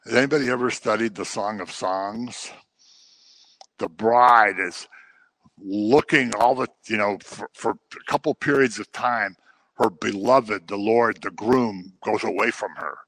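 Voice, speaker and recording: Man, preacher, bright forceful voice, chatty Bible teaching, dry close sound. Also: fairly low pitch, measured pace, no echo. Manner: storytelling, acting out the people he quotes; informal, with fillers and restarts.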